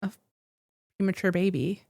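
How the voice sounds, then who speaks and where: A woman guest, a psychic and teacher, telling a personal story in a casual interview, emotional and close to tears, with halting restarts. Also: fairly low pitch, vocal fry, a little mellow, no echo.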